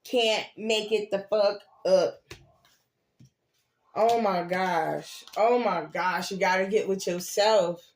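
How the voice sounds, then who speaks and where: An older woman, giving a casual, animated tarot reading and cheering her listeners on. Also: mid-range voice, takes it slowly. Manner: animated, preachy encouragement with laughs and slang. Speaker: tarot reader.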